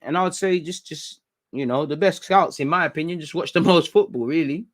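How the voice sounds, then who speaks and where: A man's voice: a little high, a little fast. Slangy British man on a livestream. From England. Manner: slangy, animated, chatty. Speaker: livestream host. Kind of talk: casual livestream chat reading comments.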